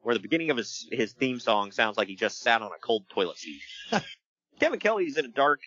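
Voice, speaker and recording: A man hosting a casual podcast, recapping wrestling in an animated storytelling way and laughing often. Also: mid-range voice, brisk, dry recording, muffled recording. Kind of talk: casual chat.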